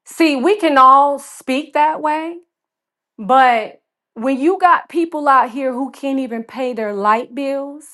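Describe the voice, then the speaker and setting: A woman's voice: sits high, slow pace, fairly bright tone. A woman from Georgia with a Southern accent, talking earnestly as a caller on a live stream. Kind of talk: casual opinion talk.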